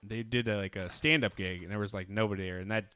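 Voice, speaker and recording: A man's voice: lowish voice, fast talker, clean tone, no echo. A man co-hosting a podcast, chatting casually and telling funny stories with a laugh. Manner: animated storyteller, laughs while telling jokes. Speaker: podcast co-host. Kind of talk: casual chat.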